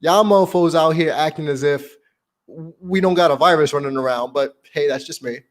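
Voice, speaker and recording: Blunt, opinionated young man, higher voice. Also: normal speed. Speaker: podcast host. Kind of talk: casual chat.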